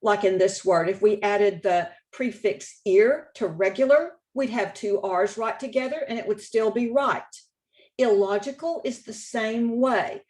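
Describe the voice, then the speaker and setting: Slow, deliberate woman teaching spelling. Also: medium pitch, a little mellow. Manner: slow, deliberate, stresses key words and rules; repeats points for emphasis, occasional restarts. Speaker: state spelling contest director. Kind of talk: slide-based instructional presentation.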